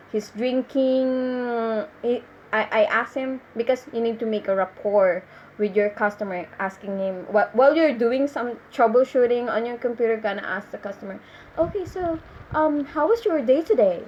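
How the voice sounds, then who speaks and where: A young woman in her twenties from the Philippines with a Filipino accent, telling comedic stories to camera in a halting, self-correcting way. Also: fairly high pitch, steady tone. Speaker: vlogger doing stand-up. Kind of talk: casual comedic monologue to camera. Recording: slightly muffled with faint noise.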